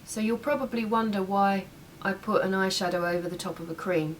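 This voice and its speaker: A young woman talks a little fast in a mid-range voice, chatting casually as she does a makeup tutorial at home. She keeps working while she speaks and adds the odd aside. Faint room noise and a slightly distant mic.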